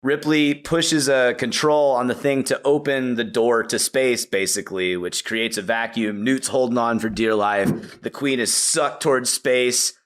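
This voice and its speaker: Unhurried and medium in pitch, a male podcast guest walks through a movie's storyline with few pauses. He's eager and animated, leaning heavily on casual fillers like "like" and "you know."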